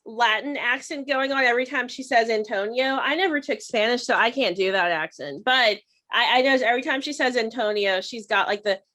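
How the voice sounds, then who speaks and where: A young woman co-hosts a podcast, speculating and rambling in a relaxed way. Her voice sits a little high and rings bright. She talks freely, with plenty of "like" and "you know.". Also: a little fast. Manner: chatty, speculative, full of fillers and restarts. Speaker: podcast co-host. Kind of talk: casual TV recap chat.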